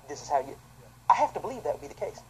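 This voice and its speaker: A man, a pastor, preaching an impassioned sermon that swings between loud outbursts and quiet, low asides. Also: sing-song, racing, rough recording. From United States.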